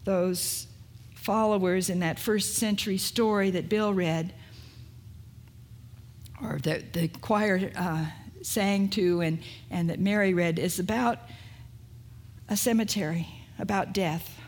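A woman pastor preaching a sermon, retelling a story in an unhurried way and asking rhetorical questions. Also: medium pitch, fairly even intonation, darkish tone, slight background noise.

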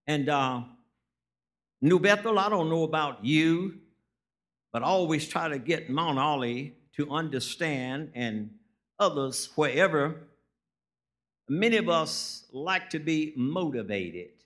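A man's voice: a little high, expressive, slow, a bit bright. A man, preaching a sermon as a guest preacher, telling folksy stories and rising into emphatic preaching.

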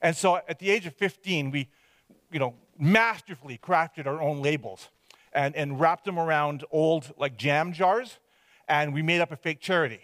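A man shares a testimony from his own life, rambling and poking fun at himself as he goes. His voice sits a touch high for a man and trips over its restarts. The recording is dry and close, with no room sound. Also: moderate pace, fairly bright tone, dry recording. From Hope, British Columbia, Canada. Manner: self-deprecating, rambling storyteller with frequent restarts. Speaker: speaker giving a testimony. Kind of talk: personal testimony storytelling.

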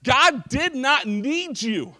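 High-voiced, unhurried male preacher. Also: expressive, sharp tone. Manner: emphatic preacher with frequent restarts and repetitions. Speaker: pastor. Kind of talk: sermon.

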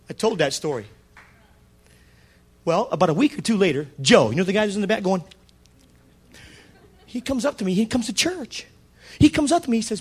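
Animated husky preacher man telling a story. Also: on the high side, fairly quick, long pauses. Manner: animated, acts out dialogue with shifting voices. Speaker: pastor. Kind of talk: storytelling sermon.

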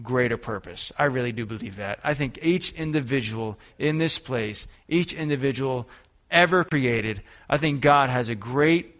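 A man preaching a sermon to a congregation, lively and conversational, asking rhetorical questions and acting out what people say. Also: medium pitch. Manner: animated preaching, acts out quoted voices, rhetorical questions. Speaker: pastor.

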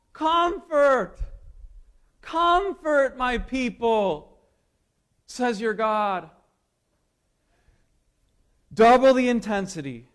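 High-voiced preacher, slow and dramatic. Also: male voice. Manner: dramatic, swings from loud declaration to near-whisper; laughs lightly while preaching. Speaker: pastor. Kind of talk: sermon.

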